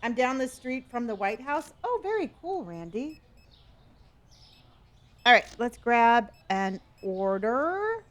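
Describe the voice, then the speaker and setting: Woman streamer from Southern California, casual chatter, pitch slightly high. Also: slow, a little hiss or hum. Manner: chatty, reads viewer locations aloud with sudden excited gasps; talks to herself while playing a store game. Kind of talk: casual live-stream chat.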